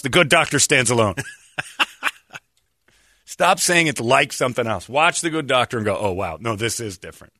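Sarcastic man ranting with lively pitch. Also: no room sound, studio quality. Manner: mocking, exaggerated mimicry of others. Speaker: radio show host. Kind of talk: sarcastic comedic rant.

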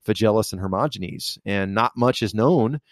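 Low-voiced man, halting podcast chat. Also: dry recording, studio quality. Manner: hesitant, many restarts and fillers. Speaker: podcast co-host. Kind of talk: casual faith discussion.

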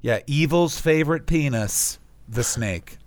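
Animated man riffing comedic rants. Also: a little high, unhurried. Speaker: comedian guest. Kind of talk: comedic podcast banter. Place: walking outdoors in winter.

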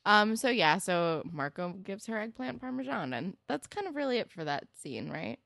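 A woman's voice: mid-range voice, sing-song, moderate pace, creaky, a bit bright, no room sound, clean studio sound. A young woman co-hosting a casual recap chat, candid and blunt, swearing when annoyed. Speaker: podcast co-host.

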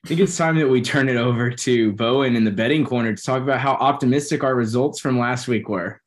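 Sarcastic man with a halting delivery. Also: medium pitch. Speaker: podcast co-host. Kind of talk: casual sports podcast chat.

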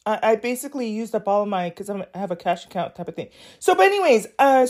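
A woman's voice: a little high, a little mellow. Sassy, blunt woman podcaster. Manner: candid, rambling, with frequent filler words. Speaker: podcast host. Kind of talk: casual solo podcast monologue.

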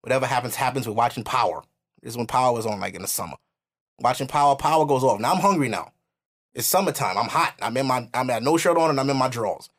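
A man from New hosting a podcast, telling a story in animated, profane casual chat. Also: mid-range voice, quick pace. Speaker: podcast host.

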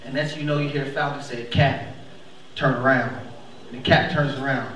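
A man's voice: fast, slight background noise. A young man performing a stand-up comedy set, acting out characters with big jumps in his voice. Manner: animated, acts out characters with big pitch jumps. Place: comedy club stage before a laughing crowd. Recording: echoey club audio, mic far off, crowd laughing. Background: audience laughter.

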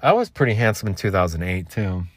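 A man's voice: sits low, sing-song, fast, dry recording. A man in his thirties hosting a solo podcast, telling a rambling, self-mocking story with casual swearing. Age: 30s. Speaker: podcast host.

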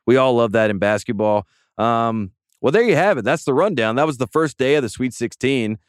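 A man's voice: mid-range voice, expressive, brisk, smooth, no room sound, studio quality. A man hosting a sports podcast, chatting casually and enthusiastically with frequent word repeats. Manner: rambling, enthusiastic, repeats words often. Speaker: podcast host. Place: studio.

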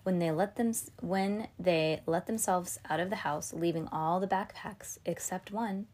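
A woman's voice: fairly low pitch, a little slow, a little mellow. A woman hosting a podcast, reading a children's novel aloud in a casual way with chatty asides. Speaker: podcast host.

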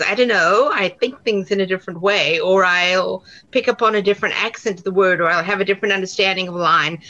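A woman's voice: fairly low pitch, a bit bright, highs cut off. A woman with a South African accent, an actor telling stories in an interview, chatty with many fillers and restarts. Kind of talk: casual interview answers.

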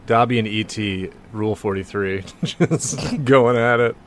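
A man's voice: mid-range voice, measured pace, a little hiss or hum. A man co-hosting a podcast in casual comedic chat, laughing often and mocking quotes he reads aloud. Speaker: podcast co-host.

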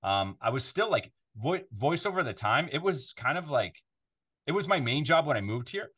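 A man's voice: medium pitch, normal speed, breathy edge. A Canadian man who works as a voiceover artist, chatting casually as a podcast guest from his home studio, rambling and restarting his sentences. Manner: rambling, restarts often, animated when telling stories. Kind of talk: casual interview chat. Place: home recording studio control room.

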